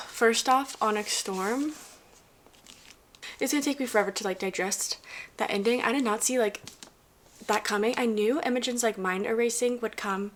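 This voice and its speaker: Over slight background noise, a young woman with a higher voice chats about a book series at a normal speed in a casual reading vlog. She leans heavily on fillers and often slips into a whisper when she reads passages.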